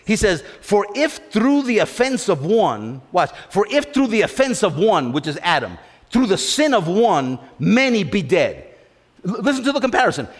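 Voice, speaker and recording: A man's voice: high voice, sing-song, normal speed. A man preaching a sermon with emphatic repetition, often putting questions to the congregation. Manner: emphatic, repeats phrases, asks the congregation questions. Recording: long hall reverb.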